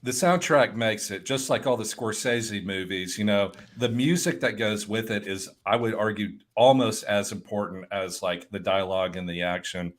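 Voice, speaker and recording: A man co-hosting a casual sports podcast, speaking in a lowish voice. He is opinionated but keeps stumbling into restarts before he lands his point. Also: moderate pace, few pauses. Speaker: podcast co-host. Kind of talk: casual fantasy baseball chat.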